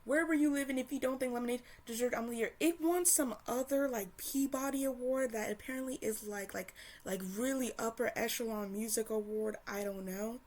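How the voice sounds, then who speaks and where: A woman's voice: on the high side, brisk, few pauses, a little mellow. A woman ranting to camera in a casual, heated and profane way, stumbling and restarting often. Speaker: commentator. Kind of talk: casual opinion rant to camera.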